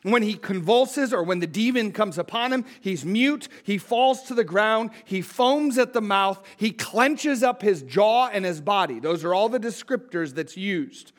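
A man's voice: high-pitched, expressive, a little slow, hardly any pauses. A man, a pastor, reading a scripture passage and explaining it verse by verse in a conversational teaching sermon, sometimes asking his listeners questions. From United States.

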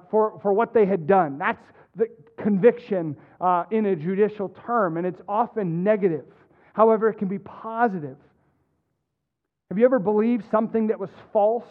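Middle-aged male pastor, high voice, earnest, stumbling restarts, tinny phone-like sound. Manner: earnest, halting with repeated restarts. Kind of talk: sermon.

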